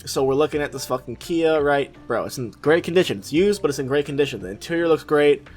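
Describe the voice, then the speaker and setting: A man's voice: a little high, expressive, fast talker, darkish tone, breathy edge, soft background music. A young man co-hosting a podcast, casually telling a long story and swearing freely. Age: young adult. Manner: profane, rambling storytelling. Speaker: podcast co-host. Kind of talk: casual chat.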